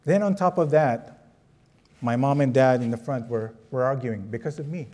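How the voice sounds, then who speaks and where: Speaking at a moderate pace in a mid-range voice, a preacher from the Philippines shares a personal story during his sermon and engages the audience with questions, keeping the tone lively and conversational.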